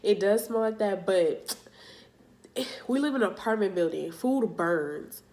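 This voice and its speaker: Older grandmother, shrugging things off, voiced by a young woman telling a story, unhurried. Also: medium pitch, lively intonation, darkish tone. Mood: dismissive. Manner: offhand, brushing off worry. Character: dismissive older grandmother, unbothered.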